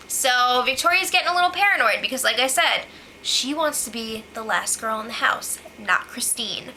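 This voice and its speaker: A woman's voice: high-pitched, bright, forceful tone, slight background noise, low-quality recording. A young woman hosting a casual reality-show recap, chatty and sarcastic, with lots of "like.".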